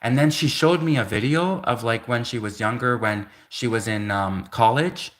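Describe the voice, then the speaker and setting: A man in his thirties hosts a livestream and rambles casually through a story at normal speed. His mid-range voice is a bit bright, and his talk is full of "like" and self-corrections, with laughs between thoughts.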